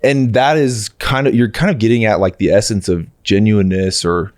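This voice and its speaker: A man's voice: fairly low pitch, steady tone, normal speed, no echo. Chatty male podcast host, dry sound. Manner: loose and chatty, heavy on fillers, acts out voices when telling stories. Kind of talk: casual podcast chat. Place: indoor podcast studio.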